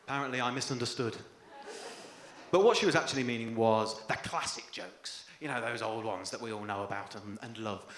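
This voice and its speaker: A young English man doing a stand-up comedy set on stage, dry and self-deprecating, with sudden loud outbursts. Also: mid-range voice, a little fast. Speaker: first-time stand-up comedian. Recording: echoey live venue with faint room noise.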